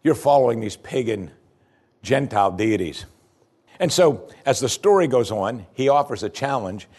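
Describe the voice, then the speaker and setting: A man preaching a sermon with an animated delivery, acting out the scenes he tells with a dry humor. His voice swings widely in pitch, climbing high and falling low as he drives his points home. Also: moderate pace. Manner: animated, acts out the chanting with raised pitch and volume, dry humor. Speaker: pastor.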